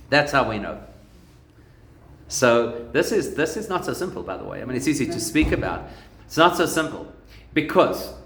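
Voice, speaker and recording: A rabbi gives a relaxed, conversational Torah lesson and works humorous stories into it. His voice sits at an ordinary pitch for a man. The recording has a noticeably roomy echo. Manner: conversational teaching with humorous anecdotes.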